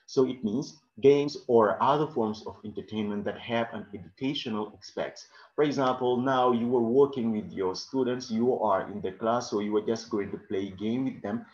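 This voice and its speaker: A man's voice: medium pitch, darkish tone. Man teaching vocabulary, echoey room. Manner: explains slowly with frequent "okay?" checks. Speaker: English teacher. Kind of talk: classroom vocabulary lesson. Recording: echoey room, dull lo-fi sound.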